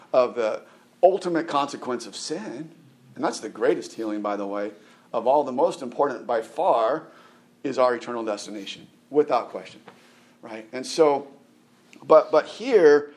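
A middle-aged man preaching a conversational sermon. He keeps checking in with the congregation, restarts and repeats words, and jumps up in pitch for emphasis.

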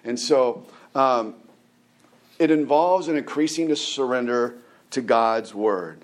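A middle-aged man giving a conversational sermon as a pastor, often restarting his words and asking the listeners rhetorical questions. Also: medium pitch. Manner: halting, repeats words, asks rhetorical questions.

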